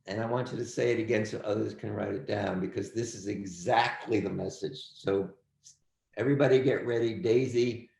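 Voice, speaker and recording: A man's voice: fairly low pitch, steady tone, moderate pace, gravelly, darkish tone, roomy sound. A man teaching a history class over a video call, emphatic and repeating his points as he calls on students. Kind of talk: online class lecture.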